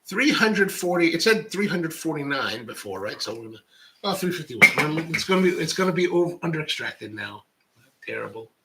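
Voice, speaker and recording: Lively, bright-voiced man chatting. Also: fairly high pitch, a little fast, low-quality recording. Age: middle-aged. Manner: rambling, reads viewer comments aloud. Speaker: coffee show host. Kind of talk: casual live-stream chat.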